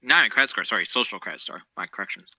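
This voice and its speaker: A man's voice: fairly low pitch, lively intonation, racing, sharp tone, no room sound, muffled recording. A man co-hosting a podcast, chatting casually about current events in a rambling, profane, opinionated way. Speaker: podcast co-host.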